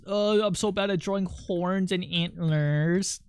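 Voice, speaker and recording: A streamer talks loosely over a drawing session in a smooth, clean voice at a middling pitch. The sound is close and dry, with no room around it. The delivery is jokey and quick to say sorry, and the speaker often pokes fun at their own art. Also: dry recording. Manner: joking, quick to apologize; self-deprecating. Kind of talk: casual livestream chat while drawing.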